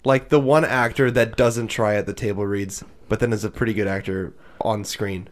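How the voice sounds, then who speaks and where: A man co-hosting a movie podcast, animated and quick to laugh in casual chat. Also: on the low side. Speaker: podcast co-host.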